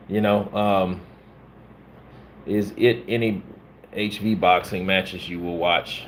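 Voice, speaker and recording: A man's voice: low-pitched, little pitch movement, takes it slowly, pauses often, slight background noise. Profane, rambling man telling stories. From American South. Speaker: stunt performer. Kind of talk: casual chat.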